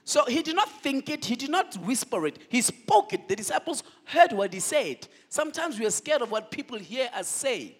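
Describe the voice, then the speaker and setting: A man's voice: very high voice, normal speed, hardly any pauses, breathy edge. A male pastor preaching a sermon, firing call-and-response questions at the congregation. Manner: animated, shifts between loud declaring and quiet asides.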